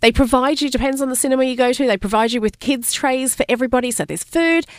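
Woman in her 30s, podcast co-host, lively storyteller, dry close sound. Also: sits high, quick pace, no echo. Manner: lively storyteller, acts out voices. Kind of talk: casual chat.

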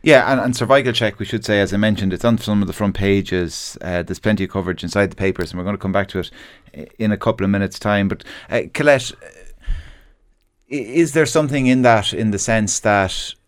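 A man's voice: fairly low pitch, brisk, smooth. A man presenting a radio panel, asking his guests probing questions in a conversational way.

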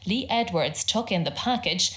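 A woman reading out quirky news stories for a comedy panel in a measured, neutral tone. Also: fairly low pitch, expressive, a bit bright. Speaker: headline reader. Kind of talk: scripted news-style reading.

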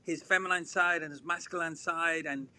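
A man's voice: on the high side, steady tone, normal speed, bright, forceful tone. A man, a musician guest on a radio show, speaking thoughtfully with many fillers and restarts. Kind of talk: radio interview.

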